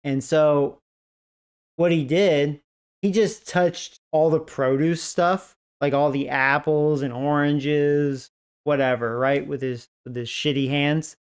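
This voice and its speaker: A man streams a game and chats casually in a fairly high, steady, clean voice, taking his time. His storytelling rambles and turns profane, full of "like" fillers, and he keeps breaking into laughter.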